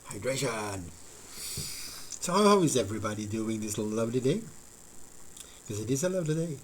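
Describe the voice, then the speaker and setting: A man's voice: medium pitch, big pitch swings, normal speed, a little hiss or hum, rough recording. A man live-streaming while he builds a model, thinking aloud in a rambling, filler-heavy way and chatting with his viewers. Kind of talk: casual live-stream chat while crafting.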